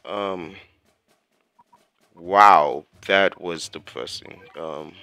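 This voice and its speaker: A man's voice: deep voice, extremely slow, pushed and bright, clear, resonant tone, no echo. A young man giving casual gameplay commentary, talking to himself in slangy speech with lots of fillers. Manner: talks to himself while playing, slangy, with many fillers.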